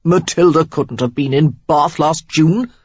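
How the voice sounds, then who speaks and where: A reader voicing eager young gentlemen who gossip excitedly and loudly. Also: mid-range voice, measured pace, slightly rough, no room sound, lo-fi sound.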